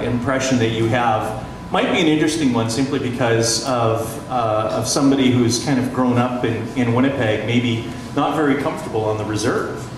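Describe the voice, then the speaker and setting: A middle-aged man spins stories on a panel, talking loosely with frequent laughs and false starts. His voice sits in the middle of the range for a man. He is picked up from a distance in a big, very reverberant hall, with a steady hiss of room noise. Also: medium pitch. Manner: chatty storyteller, laughs often, many restarts. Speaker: radio journalist on a panel. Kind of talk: anecdotal panel talk. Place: panel discussion in a large echoey room. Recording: echoey hall from far off, noisy.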